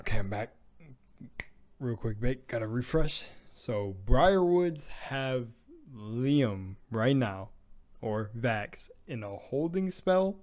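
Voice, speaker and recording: A man reacting casually to a show, relaxed and swearing now and then. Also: mid-range voice, slow. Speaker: reaction video host.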